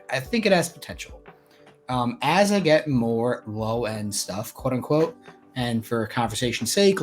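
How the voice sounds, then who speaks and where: Blunt, animated husky young man. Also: medium pitch. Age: 20s. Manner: blunt, swears, animated storytelling. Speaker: podcast co-host. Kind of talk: casual chat.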